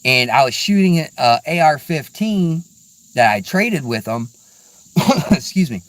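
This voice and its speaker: A slightly high, a bit bright voice belongs to a middle-aged man vlogging outdoors in the woods about hunting. He's very animated but unhurried, rambling easily and dropping "dude" and "man," with no echo.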